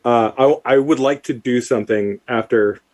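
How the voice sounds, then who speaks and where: A man's voice: medium pitch, steady tone, normal speed, a little mellow. A man playing a tabletop game who speaks casually and a little hesitantly. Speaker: player.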